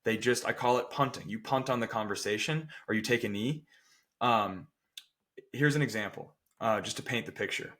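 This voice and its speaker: Man, strength coach, casual podcast talk, emphatic, frequent "right?" check-ins, medium pitch. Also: moderate pace, fairly bright tone. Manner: acts out people's quotes with playful voices.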